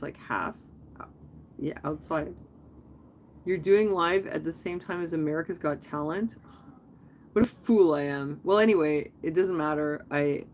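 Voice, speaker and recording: A woman's voice: low voice, slight background noise. A woman hosting a casual live stream, talking in a rambling, chatty way that jumps from topic to topic.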